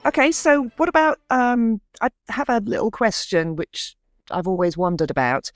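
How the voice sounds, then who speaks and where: A woman's voice: mid-range voice, normal speed, no room sound, faint music behind. A woman hosting a podcast, asking curious, hesitant questions with many fillers. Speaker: podcast host. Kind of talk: conversational interview.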